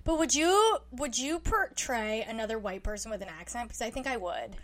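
A woman's voice: fairly high pitch, lively intonation, fairly quick. A woman co-hosting a podcast, telling stories in casual chat in a playful, teasing way. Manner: playful storyteller, teasing and easily amused. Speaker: podcast co-host.

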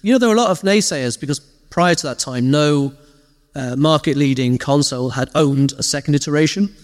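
A man as an interview guest, casually telling animated stories and acting out quoted lines. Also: on the high side, a little fast, long reverb tail. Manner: lively storyteller, animated quoted asides. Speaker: interview guest, former games PR director. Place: live event stage.

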